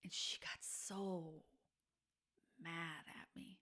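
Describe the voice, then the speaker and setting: A woman in her forties hosting a podcast, telling personal stories in a candid, reflective monologue that sometimes drops to a soft, breathy near-whisper. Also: fairly low pitch, fairly even intonation, very slow. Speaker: podcast host.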